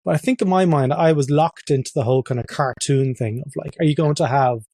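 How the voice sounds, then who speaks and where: A man's voice: on the high side, a little fast, warm tone, no echo. A man hosting a podcast interview, chatty and self-deprecating. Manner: chatty, self-deprecating, loves putting on accents. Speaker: podcast host. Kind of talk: casual interview chat.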